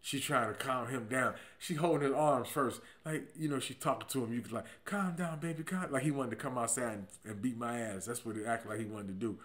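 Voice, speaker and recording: A man hosting a podcast and telling a personal story in a casual, comic way. He swings from low, mumbled asides to loud outbursts. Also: fairly quick, few pauses. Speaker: podcast host.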